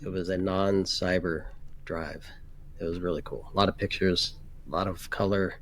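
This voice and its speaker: Halting man co-hosting a casual chat. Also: deep voice, steady tone. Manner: halting, many fillers and restarts. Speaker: podcast co-host.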